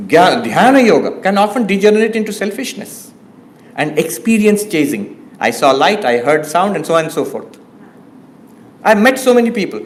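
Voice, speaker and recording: A man, a monk, giving a spiritual lecture, emphatic, often repeating "no, no, no," with soft low asides and loud high stresses. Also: slight background noise.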